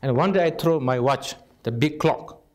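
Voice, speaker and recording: A man with non-native English giving an informal Buddhist teaching, lively and direct, checking in often with the audience. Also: medium pitch, normal speed. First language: Tibetan. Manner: animated, asks "right?" constantly, non-native phrasing. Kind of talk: informal dharma talk.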